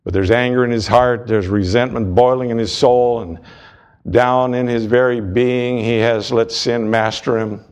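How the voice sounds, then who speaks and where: A man's voice: mid-range voice, steady tone, measured pace, a little mellow, clean tone. A man preaching a sermon, earnest and storytelling, driving points home through repetition.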